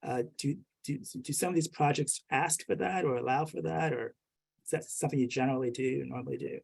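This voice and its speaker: A man's voice: medium pitch, brisk, vocal fry, husky. A man moderating a virtual workshop, asking follow-up questions with many restarts.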